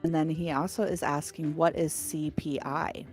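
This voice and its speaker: A woman with a New York accent co-hosting a livestream, reading viewer messages in a bubbly, animated way and laughing often. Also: low-pitched, normal speed, soft background music. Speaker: livestream co-host reading chat. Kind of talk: casual livestream chat.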